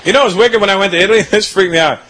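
A man's voice: high voice, rapid-fire. A young man performing a stand-up comedy set, telling stories and slipping into character voices. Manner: animated storytelling with put-on character voices. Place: comedy venue with live audience. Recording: live show with loud audience laughter and noise.

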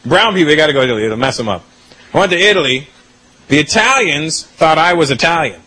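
A man's voice: fairly high pitch, fast. A young man performing a stand-up comedy set, telling stories and slipping into character voices. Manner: animated storytelling with put-on character voices. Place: comedy venue with live audience. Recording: live show with loud audience laughter and noise.

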